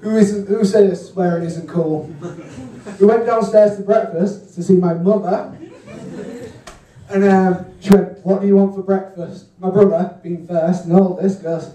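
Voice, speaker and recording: High-voiced young comedian, far off. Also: male voice, a little slow. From Hull, England. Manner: deadpan one-liners with frequent ums and crude punchlines. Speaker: stand-up comedian. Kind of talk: stand-up comedy set. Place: hotel function room comedy gig. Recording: echoey, distant live room recording with noise.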